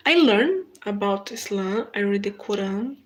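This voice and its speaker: A Brazilian woman whose first language is Portuguese, hosting a casual live stream in halting English, reading viewer comments aloud and answering them. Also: mid-range voice, lively intonation. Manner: unhurried, halting non-native English with frequent restarts.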